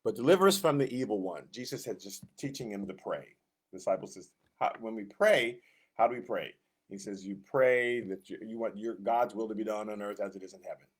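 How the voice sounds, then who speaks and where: A man teaching a Sunday school Bible lesson in a casual, animated way, often acting out quoted lines with a raised voice. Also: on the low side, brisk, husky. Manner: animated, acts out quotes in raised voice, self-interrupting.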